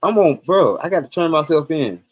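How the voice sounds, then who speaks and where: Guy telling a wild story on a live stream, swears a lot, kinda high voice, acts out everybody's lines. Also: brisk, dull audio. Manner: profane, animated, acts out quoted dialogue.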